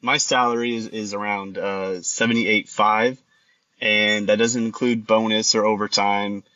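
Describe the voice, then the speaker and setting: Man, 30s, caller, very bright voice, dull lo-fi line, polite and halting. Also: fairly low pitch, level tone, no echo. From Texas. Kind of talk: phone call to a radio show.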